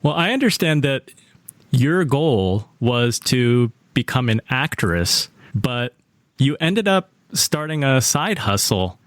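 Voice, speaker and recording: A man's voice: mid-range voice, very animated, slow, fairly bright tone, no room sound. A man hosting a podcast and asking a guest questions. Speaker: podcast host. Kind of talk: interview questions.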